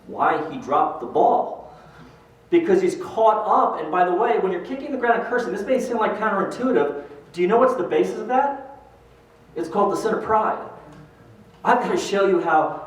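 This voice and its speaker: A man's voice: sits high, normal speed, recorded from a distance. Older man telling stories in an echoey hall. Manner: animated storyteller acting out quoted voices. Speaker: speaker at a pro-life event. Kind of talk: motivational talk with stories.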